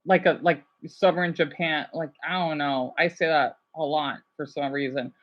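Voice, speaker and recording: A woman chatting casually to her viewers in an excitable way, often stumbling over words as she goes. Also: sits low, normal speed, muffled recording. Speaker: vlogger.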